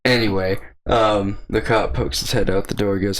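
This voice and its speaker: A young man co-hosting a podcast, telling a story in a casual, profane and animated way. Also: on the low side, moderate pace. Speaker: podcast co-host.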